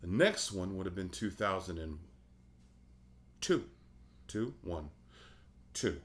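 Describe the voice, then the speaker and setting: Animated middle-aged man telling stories. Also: low-pitched, slow. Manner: animated storyteller, laughs often. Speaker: opera singer guest. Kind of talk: casual interview chat.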